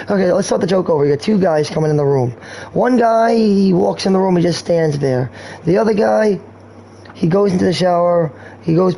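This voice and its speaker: A man's voice: high-pitched, mellow, slight background noise, rough recording. A man streaming a game, talking in a rambling, crude way and telling meandering jokes. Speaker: gaming streamer. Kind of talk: rambling gameplay commentary.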